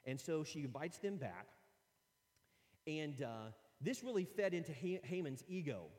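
A male pastor preaching a sermon as an animated storyteller who jokes with his listeners, recorded in a church sanctuary. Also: on the high side, a little slow. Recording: long reverb of a large hall.

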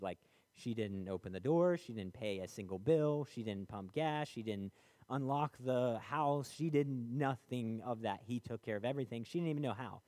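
A man's voice: mid-range voice, moderate pace, a little mellow, dry recording. Conversational preacher man, dry close sound. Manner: conversational, many fillers, acts out quoted voices. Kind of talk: sermon.

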